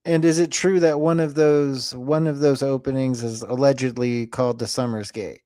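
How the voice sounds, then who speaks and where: A man's voice: mid-range voice, fairly even intonation, normal speed, warm tone, no room sound, clean studio sound. A man hosting a casual online chat show, teasing and pushing for answers. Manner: pushy, teasing, demanding answers. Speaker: host.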